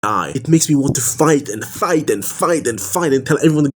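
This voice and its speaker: Young guy in his 20s venting fast to camera, tired and upset, keeps repeating himself and swearing, mid pitch. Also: lively intonation, slightly rough. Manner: rambling and repetitive, with stumbling restarts and swearing. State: tired and distressed. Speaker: vlogger. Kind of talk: emotional venting monologue to camera.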